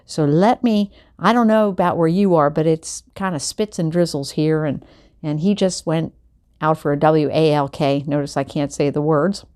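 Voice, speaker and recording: A woman's voice: low-pitched, moderate pace. Chatty woman reading a book aloud. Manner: chatty asides, animated character voices. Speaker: storyteller reading a children's novel aloud. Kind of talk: casual read-aloud of a book. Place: home at night.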